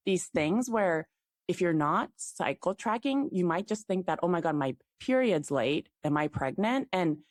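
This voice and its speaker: Low-pitched chatty woman, podcast guest. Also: no room sound, clean studio sound. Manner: chatty, fillers of "like", enthusiastic. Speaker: guest, fertility app CEO. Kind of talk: casual podcast interview.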